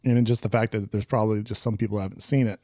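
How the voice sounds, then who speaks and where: A man's voice: fairly low pitch, very fast, no room sound, studio quality. Enthusiastic man telling stories. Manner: enthusiastic, animated storytelling. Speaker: podcast co-host who edits the show. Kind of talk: casual podcast banter.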